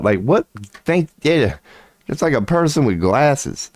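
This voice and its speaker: A man's voice: mid-range voice, big pitch swings, takes it slowly, no echo, studio quality. A man hosting his channel in a casual, rambling monologue, crude and swaggering, swearing freely and often laughing mid-sentence. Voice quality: crude, swaggering, profanity-laced talk. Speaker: channel host.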